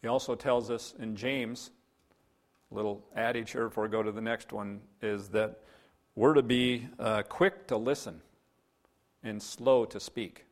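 A man's voice: fairly low pitch, fairly even intonation, a little slow. A man preaching a sermon, earnest, quoting scripture and telling a story. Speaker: pastor.

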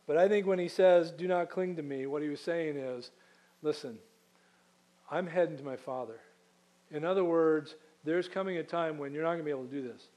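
A man preaching a sermon conversationally, asking rhetorical questions and slowing down to read scripture aloud. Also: a little high, darkish tone.

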